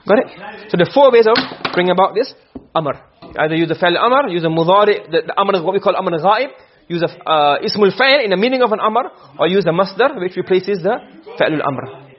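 A man's voice: sits high, animated, a little hiss or hum. A man teaching Arabic grammar in a classroom lesson, quizzing his students as he goes and reading Arabic text before explaining it. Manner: quick, questioning, reads Arabic text then explains. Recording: dull lo-fi recording.

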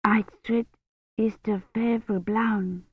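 A gentle young medieval mother speaks softly and hushes her child with calm, quiet words, as a female reader puts her on. The sound is muffled and lo-fi and has a dry, close feel. It is a storybook reading. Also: a little high, measured pace, dry recording, pitched above the performer's own voice. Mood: wondering. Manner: soft, hushing. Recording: dull, lo-fi, dry.

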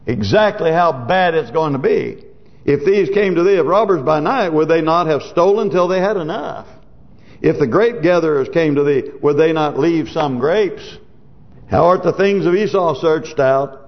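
A man preaching a sermon, reading scripture in old wording and then explaining it in plain talk, rising to emphatic peaks. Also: fairly high pitch. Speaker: pastor. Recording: dull lo-fi sermon recording.

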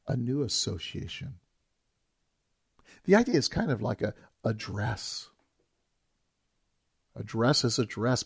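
Gravelly husky guy preaching, earnest and emphatic, keeps repeating the key bits. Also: lowish voice. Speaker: pastor. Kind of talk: sermon.

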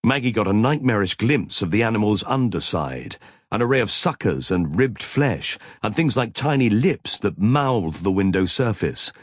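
A man's voice: lowish voice, expressive, moderate pace, breathy edge, dry recording, studio quality. A man narrating a science fiction audiobook in a vivid, tense storytelling manner.

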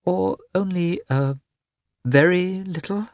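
A man reading the part of an emotional, tearful young noblewoman, his voice lifting high and tremulous as she confides. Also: takes it slowly, no room sound. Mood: earnest, tearful.

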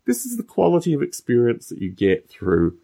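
A man with a gravelly edge in his voice chats casually on a podcast, spinning wry anecdotes with sarcastic asides. His pitch moves around a lot as he tells them, rising and dropping for effect. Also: huge pitch swings, a little fast, mellow. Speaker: podcast co-host. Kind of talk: casual chat.

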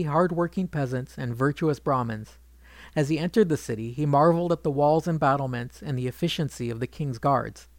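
A man reading a retold legend aloud in an even, measured narration, quoting the characters without putting on voices. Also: fairly high pitch, no room sound. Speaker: storyteller.

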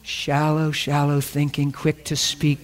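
A man's voice: on the high side, completely flat delivery, slow. A middle-aged man preaching a sermon, telling a story and acting out the dialogue.

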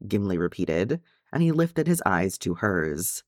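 A man reading fan fiction aloud as an audiobook, narrating in an expressive storytelling way. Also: sits low, a little slow, no room sound, clean studio sound. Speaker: audiobook reader.

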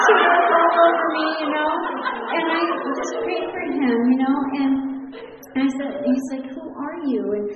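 Animated woman telling a story in an echoey hall. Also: sits high, noisy background. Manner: animated storytelling, laughs often. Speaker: church speaker. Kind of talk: testimony to a congregation. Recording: echoey hall with dull sound.

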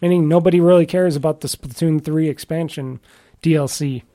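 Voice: medium pitch, fairly quick, dark tone. A podcast host in a casual solo chat about games, rambling and often restarting sentences, with an offhand, mildly grumbling manner.

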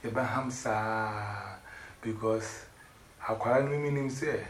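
A man rambling excitedly in casual chat, switching between pidgin English and Twi. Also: on the low side, slow. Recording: echoey room with loud background noise.

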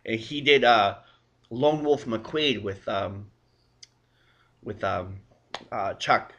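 A man's voice: fairly low pitch, takes it slowly, a bit bright, muffled recording. A man hosting a casual interview, upbeat and encouraging, with lots of short affirmations. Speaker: interview host.

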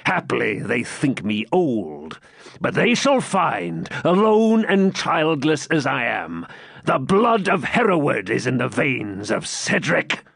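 A man's voice: mid-range voice, huge pitch swings, slow pace, gravelly, a bit bright, husky, no room sound, studio quality, exaggerated voice. A man voicing a proud, bitter old Saxon lord who speaks with indignant declamation in an audiobook reading. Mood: defiant.

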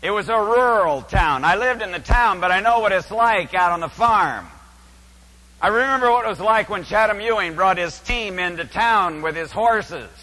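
An older man from California's San Joaquin Valley preaching a sermon as a story, with dramatic swings from hushed to loud. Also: high voice, lively intonation, moderate pace. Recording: reverberant hall.

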